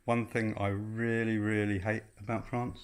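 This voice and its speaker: A man co-hosting a casual home vlog, talking in a relaxed, hesitant way with frequent ums. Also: on the low side, normal speed, clean tone. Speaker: vlog co-host. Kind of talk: casual chat. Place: home in rural France.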